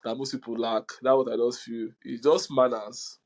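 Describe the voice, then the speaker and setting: A man's voice: mid-range voice, normal speed, poor audio. A young man, hosting a podcast in casual chat and telling stories animatedly with frequent laughter. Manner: animated storyteller, laughs often. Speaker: podcast host.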